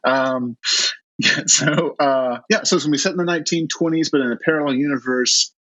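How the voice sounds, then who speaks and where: A man with a Southern US accent, an author chatting in an interview, self-deprecating and halting with many restarts. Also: fairly high pitch, a bit bright, no echo. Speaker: guest author. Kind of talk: casual interview chat.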